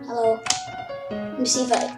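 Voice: medium pitch, monotone, moderate pace. A young player giving chatty let's play commentary, apologetic and swearing often. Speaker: gameplay commentator. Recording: roomy echo with game music.

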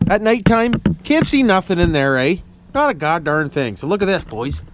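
Folksy Canadian man with a lively voice. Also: high voice, moderate pace, background noise. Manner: jokey, folksy, tags lines with "eh" and "why wouldn't I". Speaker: vlogger. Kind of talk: casual chat to camera.

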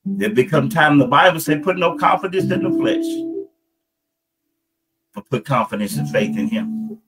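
A man preaching a sermon, telling a family story with halting, repeated words and voicing the people in it. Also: animated, music in the background, low-quality recording. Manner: halting, repeats words, rises into higher pitch for quoted voices.

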